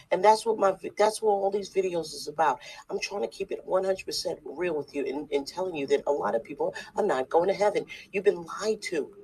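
Husky online preacher going off, blunt and scolding, says everything twice. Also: mid-range voice, a little mellow, poor audio. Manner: emphatic and repetitive, with rhetorical questions. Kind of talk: preaching video.

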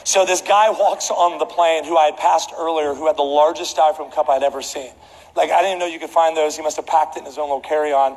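A man preaching a sermon, telling a comedic story with animated delivery. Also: on the high side, fast. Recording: echoey hall with faint background noise.

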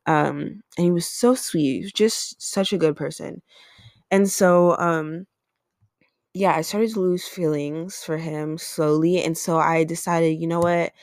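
Woman, podcast host, casual storytelling, filler-heavy, deep voice, dry recording. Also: steady tone, measured pace, a little mellow, no room sound. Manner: chatty, lots of "like" and "um".

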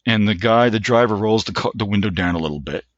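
A man in his sixties, an army veteran, telling a story casually in halting phrases with frequent restarts. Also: fairly low pitch, expressive, no room sound, muffled recording. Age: 60s.

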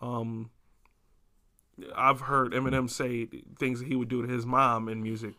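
A man co-hosting a casual podcast, laid-back, laughing often and jumping high in pitch when excited. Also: unhurried. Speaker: podcast co-host.

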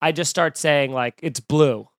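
A man hosting a casual podcast, telling stories and acting out quoted voices in an animated way. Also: fairly high pitch, a little slow, dry recording, studio quality. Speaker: podcast host. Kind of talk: casual chat. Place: home room.

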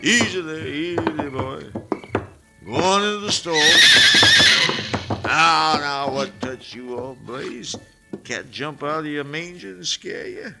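Picture a stubborn, wary rancher in an old radio western. He talks in an expressive drawl that swings widely in pitch. Loud music runs under his lines. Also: slow pace, creaky, exaggerated voice. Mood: weary. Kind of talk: 1940s radio acting.

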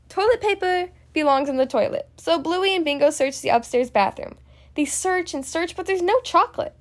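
A woman hosting a podcast, reading a children's storybook aloud in a friendly, expressive way. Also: very high voice, normal speed. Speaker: podcast host and storybook reader.

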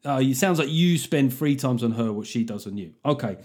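Reading listener letters on his comedy podcast, this British-accented host talks fairly quickly at medium pitch with hardly any pauses. His manner is sweary, jokey and animated, casual throughout, and he laughs a lot.

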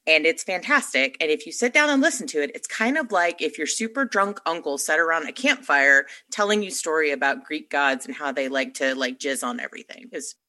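A woman chatting on a podcast panel, her voice low-pitched yet bright. She explains her choice at length, chatty and a bit crude in a playful way. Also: animated, fairly quick, hardly any pauses. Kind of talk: casual fan-casting chat.

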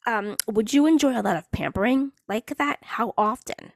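Female podcast host, mid-pitch, dry close sound, sarcastic and laughing storyteller. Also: expressive, moderate pace, gravelly, no echo. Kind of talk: casual chat.

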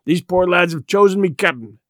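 A man's voice: high-pitched, brisk, no room sound, clean studio sound, natural voice. A man voicing a crafty one-legged pirate leader who talks in a hearty, wheedling sailor's way. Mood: bargaining. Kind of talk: audiobook character reading.

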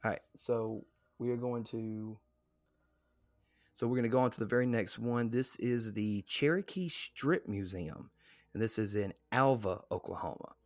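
A man with a fairly low voice, chatting loosely on a podcast. He rambles, jokes about himself and reads passages aloud before riffing on them. The sound is dry and close, with no room around it. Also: moderate pace, no room sound. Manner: rambling, self-deprecating, reads aloud and riffs. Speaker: podcast co-host. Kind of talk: casual podcast chat.

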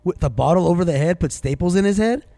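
A man's voice: sits high, lively intonation, fast talker, mellow, dry recording. A man co-hosting a podcast, telling stories bluntly and emphatically, swearing constantly in casual banter. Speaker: podcast co-host.

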